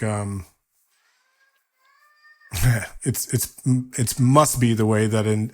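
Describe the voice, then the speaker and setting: A man in his forties hosting a podcast, talking earnestly in a casual interview and hyping up the sign-off. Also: on the low side. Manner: earnest, warm praise with playful hype at the close. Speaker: podcast host.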